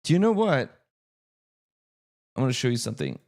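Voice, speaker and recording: Chatty male streamer with lively intonation. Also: medium pitch, brisk. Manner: chatty, thinks aloud, answers viewer chat. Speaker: streamer and game master. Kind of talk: casual live-stream chat.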